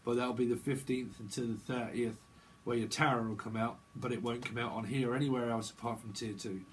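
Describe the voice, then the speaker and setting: A man's voice: medium pitch, fairly even intonation, fairly quick, slight background noise, rough recording. A man doing a casual tarot reading vlog, rambling and slangy and often laughing. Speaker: tarot reader.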